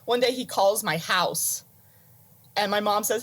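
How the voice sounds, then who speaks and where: An American woman telling stories in a casual, animated way and laughing often, heard over a video call. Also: a little high, moderate pace, breathy edge. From United States. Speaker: interview guest, flutist. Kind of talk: casual conversational storytelling.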